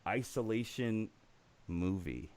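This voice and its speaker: A man's voice: lowish voice, takes it slowly, heavy background noise. A man hosting a casual live-streamed movie talk show, rambling and laughing as he talks. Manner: animated, laughing, rambling with restarts.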